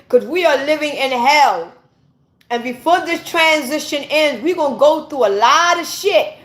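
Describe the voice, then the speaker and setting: High-voiced woman ranting in an echoey room. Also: fairly bright tone. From United States. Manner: ranting, profane, preachy. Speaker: vlogger. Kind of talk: impassioned monologue to viewers.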